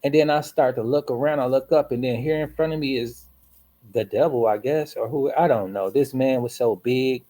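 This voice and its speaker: A man telling a spooky personal story in casual chat, animated and slangy. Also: mid-range voice, normal speed.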